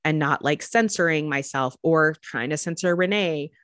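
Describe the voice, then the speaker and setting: A woman chatting casually in a relaxed way, with lots of fillers. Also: deep voice, moderate pace, dry recording, clean studio sound. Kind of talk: casual chat.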